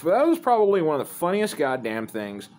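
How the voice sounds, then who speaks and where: A man's voice: a little high, huge pitch swings, brisk, darkish tone. A man telling a rambling, profane story in a laid-back, casual way.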